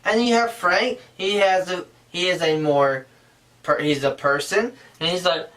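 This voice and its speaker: A man's voice: high-pitched, a little slow, a bit bright. Earnest man teaching, mic set far off. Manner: earnest, rambling, often restarting sentences. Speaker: puppetry instructor. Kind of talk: casual how-to tutorial.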